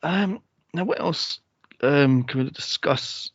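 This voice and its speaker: A man hosting a movie podcast in casual chat, animated and laughing often as he acts out quotes. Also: fairly high pitch, slow, dry recording, muffled recording. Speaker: podcast host.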